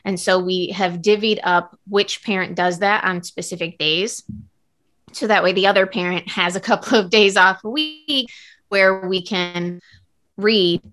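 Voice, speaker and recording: Chatty woman cohost, bright tone, casual podcast talk. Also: medium pitch, a little slow. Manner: chatty, earnest, lots of fillers. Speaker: podcast co-host. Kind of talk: casual chat.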